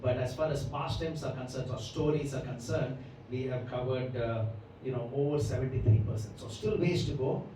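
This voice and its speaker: A Bhagavatam class lecturer gives a long devotional talk on scripture, explaining in detail and often asking his listeners "right?" to check in. His voice is medium-pitched and mellow at a normal speed. The recording has slight background noise, with a distant mic in an echoey hall.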